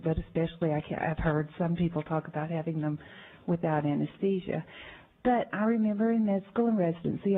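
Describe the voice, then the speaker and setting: A woman physician giving earnest, deliberate testimony before a legislative committee, speaking in clinical terms. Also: on the low side. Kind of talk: formal public testimony. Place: legislative committee hearing room. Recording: tinny, phone-like archive audio.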